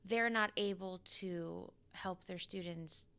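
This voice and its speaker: A woman's voice: lowish voice, takes it slowly, fairly bright tone, clean tone. A woman guest on a podcast, an educator speaking in an earnest, reflective way in casual conversation.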